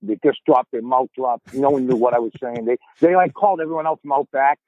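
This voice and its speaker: A man's voice: mid-range voice, a little fast, a little mellow, dry recording, muffled recording. Boston guy in his 50s just rambling through stories, repeats himself a lot, sounds thin and phoney, real dry. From Boston area, USA. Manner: rambling, repeats words as he starts sentences. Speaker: podcast guest. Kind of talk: casual storytelling chat.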